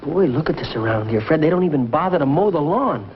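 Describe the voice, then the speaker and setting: A man's voice: fairly high pitch, animated, quick pace. A man acting the lead in an old sitcom, eager and bossy. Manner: eager, bossy pep talk. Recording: muffled old TV sound, audience and noise.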